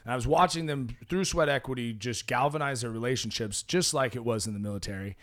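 A man, a former pro athlete and gym founder, chatting as a podcast guest and acting out quoted dialogue in a relaxed storytelling way. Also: medium pitch, fast. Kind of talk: casual chat.

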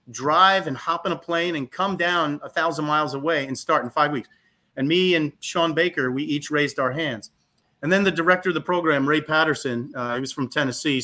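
Guest, man in his fifties, animated storyteller, brightly toned voice that trips over its own words. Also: on the high side. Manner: animated, with frequent restarts and repeated words. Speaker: guest, physical therapist. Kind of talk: casual interview storytelling.

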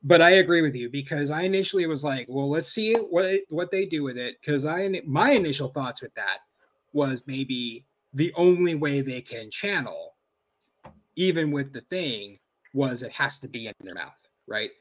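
A man's voice: medium pitch, animated, normal speed, a bit bright. A man co-hosting a podcast in casual chat, thinking aloud with frequent restarts. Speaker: podcast co-host.

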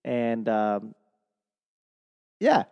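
Boston guy, slow unhurried delivery, smooth voice, long reverb around him, casual rambling monologue. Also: medium pitch, big pitch swings, dull audio. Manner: rambling, self-deprecating, swears freely. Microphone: microphone.

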